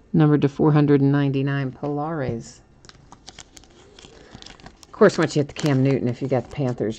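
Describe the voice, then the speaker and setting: A woman with a notably low voice hosts a live card break stream. She chats easily, teases herself and laughs often while stumbling over hard names. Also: creaky. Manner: chatty and self-teasing, laughs often.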